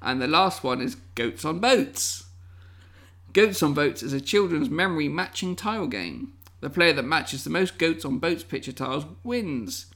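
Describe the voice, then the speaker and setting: A man's voice: on the high side, very animated, measured pace, fairly bright tone. A man co-hosting a casual chat, playfully reading out game descriptions and laughing often. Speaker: podcast co-host presenting a guessing game.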